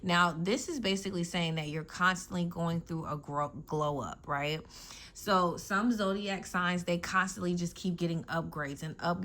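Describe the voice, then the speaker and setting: At a moderate pace and a steady tone, this woman speaks in a fairly low, fairly bright voice. She reads tarot casually, bluntly and profanely, using slang and checking in constantly with "you know what I'm saying."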